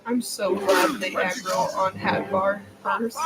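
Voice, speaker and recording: A woman's voice: mid-range voice, steady tone, slow pace, heavy background noise. A woman gaming streamer giving casual, rambling, self-deprecating commentary into a desk microphone.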